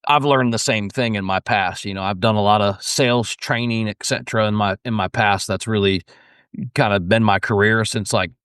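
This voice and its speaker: A man hosting a podcast interview in a relaxed, affirming way. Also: lowish voice, normal speed, clean tone, dry recording, studio quality. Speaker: podcast host. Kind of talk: casual interview.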